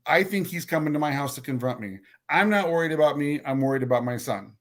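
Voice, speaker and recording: A man with a higher-pitched, fairly bright voice talks quickly as a podcast guest telling a personal story. He's blunt and swears some, stumbles and repeats words, and acts out other people's lines as quoted dialogue.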